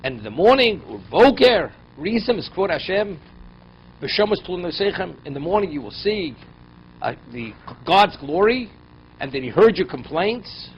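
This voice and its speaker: A male rabbi teaching a class, reading verses aloud and then unpacking them with pointed questions. His voice sits somewhat high and keeps jumping up and dropping low for emphasis. The recording is dull and lo-fi, with faint noise underneath. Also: very animated, moderate pace. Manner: reads Hebrew verses, then explains in English with rhetorical questions; voice rises and drops sharply for emphasis. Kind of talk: Torah class, translating and explaining verses.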